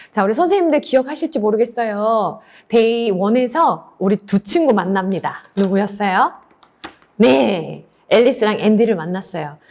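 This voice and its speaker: A young woman leading a children's English demo class with exaggerated, emphatic delivery and quick cheerful praise, then briefing fellow teachers. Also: medium pitch.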